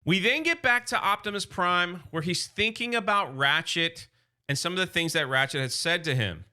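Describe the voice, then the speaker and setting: A man's voice: high-pitched, animated, normal speed, sharp tone, clear, resonant tone. A man casually recapping and reviewing a comic book, chatty and acting out character lines as he goes.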